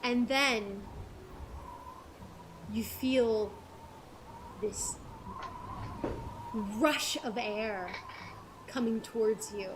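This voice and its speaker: Slow-talking woman game master. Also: a little high, background noise. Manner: slow, descriptive, with fillers and laughs. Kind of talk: narrating a tabletop game.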